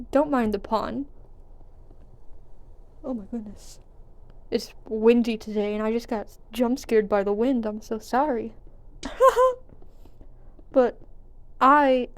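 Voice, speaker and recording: A young woman with a fairly high voice tells a story in a candid, offhand way and laughs at herself. Her mic sounds a little dull and lo-fi. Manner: candid, self-deprecating, swears casually. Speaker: gaming vlogger. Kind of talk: casual storytelling over gameplay.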